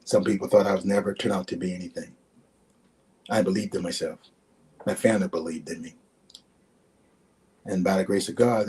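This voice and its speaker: A man in his sixties, a former football player as guest, telling heartfelt stories over a video call, repeating words and acting out past conversations. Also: a little mellow. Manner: repeats words, acts out quoted exchanges with rising pitch. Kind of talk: emotional storytelling.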